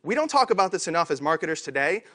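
A man giving a conference keynote talk on stage, animated and self-deprecating. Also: fairly high pitch, very fast. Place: conference stage before an audience.

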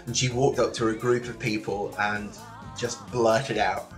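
A man from near Liverpool in England, a guest telling his story in a relaxed interview, lively and full of restarts. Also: fairly low pitch, unhurried, soft background music. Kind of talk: casual interview chat. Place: remote call from another country than the host.

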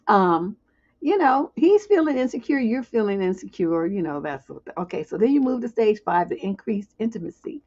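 Animated husky-voiced woman coach. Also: mid-range voice. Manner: animated, chatty, acts out little skits. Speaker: relationship coach. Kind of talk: casual livestream talk. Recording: dull muffled sound.

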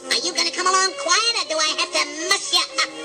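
An actor playing a small, cocky but gullible young chicken hawk who talks tough, in 1950s children's record acting with music behind. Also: male voice, extremely high pitch, quick pace, vocal fry. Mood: earnest. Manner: tough-talking, earnest, naive.

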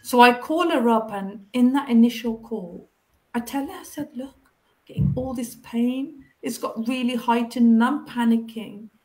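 A woman telling her recovery story in a casual interview, acting out past conversations with lively changes of voice, heard over a video call. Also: a little high, normal speed. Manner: animated, acts out past conversations.

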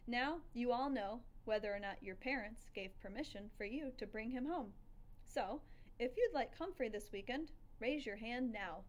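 A woman's voice: fairly high pitch, natural voice. A woman reading a stern, clipped middle-aged schoolteacher in an audiobook. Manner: firm, clipped and measured. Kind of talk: audiobook character voice.

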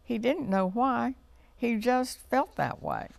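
A man reading a children's storybook aloud for a TV story time, in a slow, gentle read-aloud manner. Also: very high voice, vocal fry, no echo.

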